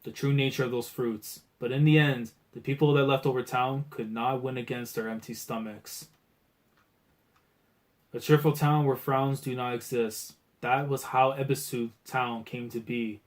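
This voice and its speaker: A man hosting a live reaction to a comic chapter. He reads it aloud and talks in a casual, slangy way that swings from low muttering to loud outbursts. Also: normal speed. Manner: excitable, swings from muttering to shouting; casual slangy talk, keeps saying bro. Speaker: manga reaction channel host.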